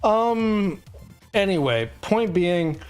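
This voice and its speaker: A drunk streamer hosts a casual late-night chat in a slow, drawn-out, middling-pitched voice. They ramble, swear and trail off, hiccuping now and then, with faint music under the talk. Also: lively intonation, a little mellow, clean tone. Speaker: streamer host.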